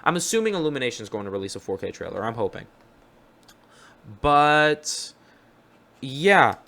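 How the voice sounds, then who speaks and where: Young male host, mid-pitched, casual and upbeat reaction chatter, self-correcting. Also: sing-song, normal speed, vocal fry, bright, forceful tone, a little hiss or hum.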